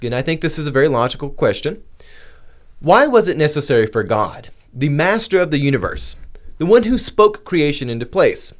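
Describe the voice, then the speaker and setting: A man, a pastor, hosting a Christian discussion podcast and asking emphatic questions. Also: medium pitch.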